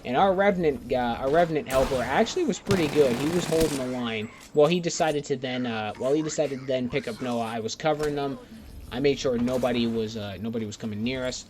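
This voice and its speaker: Young guy rambling and cussing over his game clips, mid pitch, loud gunshots in the background. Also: brisk. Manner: rambling, profane, laid-back. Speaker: gaming YouTuber. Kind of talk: casual commentary over gameplay clips. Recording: game gunfire noise underneath. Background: game gunfire and clicks.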